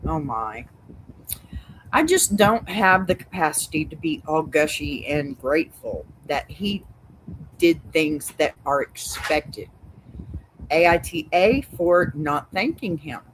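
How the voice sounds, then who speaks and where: A woman's voice: deep voice, slow, slight background noise, rough recording. Sassy Texan woman advice host. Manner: sassy, blunt, animated. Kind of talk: reading and reacting to advice stories. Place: home with a dog.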